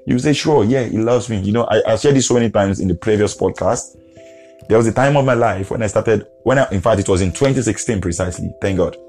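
A man's voice: lowish voice, quick pace, a little mellow, faint music behind. A man preaching an earnest devotional podcast sermon, repeating phrases for emphasis.

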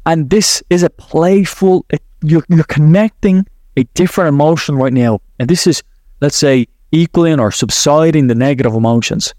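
A man's voice: a little high, fairly quick, a little mellow, no room sound, clean studio sound. Rambling man coaching a visualization. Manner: rambling, self-correcting, laughs at himself. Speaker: podcast host, NLP coach. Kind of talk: guided visualization talk.

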